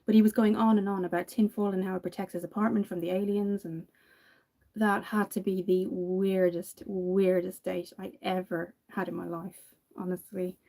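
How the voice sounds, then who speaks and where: A woman's voice: medium pitch, level tone, moderate pace, creaky, dark tone. An Irish woman in her thirties chatting casually while doing her makeup, telling stories and laughing often. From Ireland. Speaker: makeup vlogger.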